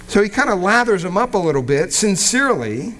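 Male pastor, fairly high voice, conversational verse-by-verse sermon, reads scripture slowly. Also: big pitch swings, fairly bright tone. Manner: conversational, with frequent restarts and fillers. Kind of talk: expository sermon.

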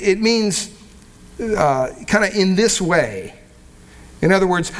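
Male pastor, fairly high voice, conversational verse-by-verse sermon, reads scripture slowly. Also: fairly bright tone. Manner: conversational, with frequent restarts and fillers. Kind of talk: expository sermon.

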